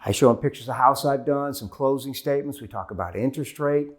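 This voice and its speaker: A man's voice: medium pitch, quick pace. A middle-aged man giving a motivational keynote to a live audience, telling a story and acting out the conversations in it. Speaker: keynote speaker. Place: stage before a live audience.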